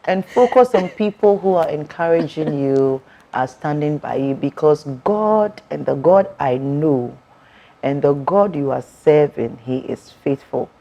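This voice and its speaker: Low-voiced woman preaching. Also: unhurried, warm tone. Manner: emphatic, preacherly, repeats words for effect. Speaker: author and guest. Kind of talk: testimony in an interview.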